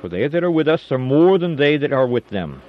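A man voicing a calm, commanding male prophet, declaiming his lines earnestly with a raised voice. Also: on the high side, fairly quick. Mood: urgent. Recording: dull lo-fi recording, faint hiss.

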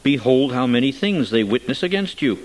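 A man's voice: medium pitch, sing-song, normal speed, lightly acted, low-quality recording. A man voicing a stern male Roman governor who presses his questions and raises his voice, read within a scripture reading. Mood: questioning.

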